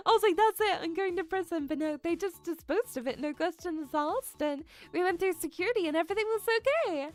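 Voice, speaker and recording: A young adult woman streamer telling a story in a casual chat, animated and dramatic, laughing often. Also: very high-pitched, fairly quick, few pauses, soft background music. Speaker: VTuber streamer.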